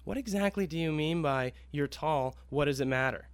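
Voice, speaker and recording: A man's voice: fairly high pitch, moderate pace, clean tone, no room sound, natural voice. A man voicing a good-natured, witty tall man who plays at being indignant. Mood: mock-indignant. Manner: mock-indignant, playful joking.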